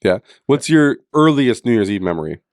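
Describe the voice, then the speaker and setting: A man's voice: mid-range voice, sing-song, brisk, no echo, clean studio sound. A middle-aged man co-hosting a podcast, chatting casually and teasing with frequent laughs. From Manitoba, Canada. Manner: joking, teasing, laughs often. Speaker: podcast co-host. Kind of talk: casual chat.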